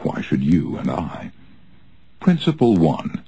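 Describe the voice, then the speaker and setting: A man reading a nonfiction audiobook aloud in an earnest, measured way with expressive rises. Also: rumbling low, vocal fry, slight background noise, poor audio. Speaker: audiobook narrator.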